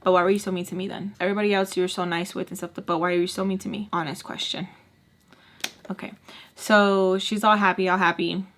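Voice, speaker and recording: A young woman chatting through a storytime vlog while doing her makeup, acting out the people in her story with sudden high-pitched bursts. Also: quick pace, a little hiss or hum. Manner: chatty, animated, acts out quoted people with big pitch jumps. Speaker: storytime vlogger.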